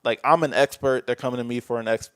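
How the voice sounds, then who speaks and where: A man in a relaxed podcast chat, his voice smooth and clear on a dry close mic. He talks candidly and reflectively, often trailing off as he thinks. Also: medium pitch, quick pace, dry recording. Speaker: podcast guest. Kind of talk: casual chat.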